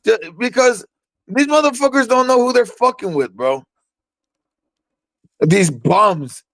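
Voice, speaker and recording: A tipsy young man brags and rambles, tripping over his words and repeating himself. His voice sits high and gravelly. The sound is dry and close. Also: animated, takes it slowly, a bit bright, dry recording. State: tipsy from drinking. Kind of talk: casual rowdy chat.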